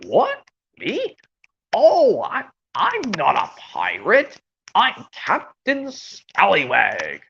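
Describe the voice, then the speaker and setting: A woman's voice: mid-range voice, very slow, vocal fry, slight background noise, pitched above the performer's own voice, exaggerated voice. Woman doing Captain Scallywag, blustery cartoon pirate. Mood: flustered. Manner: blustery, excitable, defensive. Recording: dull lo-fi audio.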